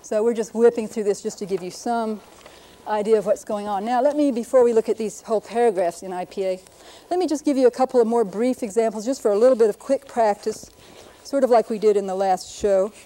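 A woman linguist presenting a televised lesson, explaining briskly and sounding out words to demonstrate them. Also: fairly high pitch, mellow, poor audio. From United States.

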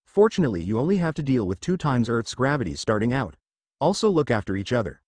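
A man's voice: medium pitch, very animated, quick pace, a little mellow, no echo. A man voicing a stern male guardian giving warnings and instructions in a read-aloud fan story.

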